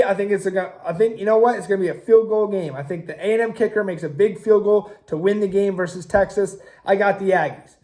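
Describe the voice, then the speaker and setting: On his own show, a young man with a fairly high, slightly mellow voice rambles loosely through opinionated sports predictions. He keeps circling back and hedging before committing hard.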